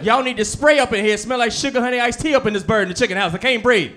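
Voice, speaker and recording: A man voicing a sharp-tongued churchgoing older mother who scolds loudly and preachily. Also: very high-pitched, racing, noisy background, voice pushed up. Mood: loud scolding. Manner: loud, threatening, preachy scolding.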